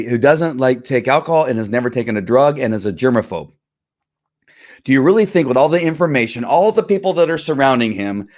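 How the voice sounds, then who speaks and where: A man hosting a live opinion stream, talking in a fired-up, rambling way, often restarting his sentences and answering comments from viewers. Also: mid-range voice. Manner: fired-up, talks back to critics, many restarts. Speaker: livestream host. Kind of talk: casual opinion livestream.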